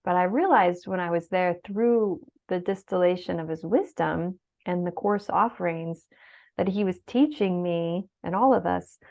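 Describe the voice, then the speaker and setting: The voice belongs to a middle-aged woman: fairly low, gravelly, a little mellow, and unhurried. As an interview guest in an emotional conversation, she speaks from the heart, occasionally tearfully, with lots of fillers. The recording is dull and lo-fi.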